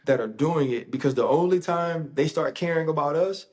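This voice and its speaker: A man's voice: a little high, normal speed. Emphatic man in casual talk. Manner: animated, emphatic, repeats phrases for effect. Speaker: guest, sports analyst. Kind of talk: casual conversational interview.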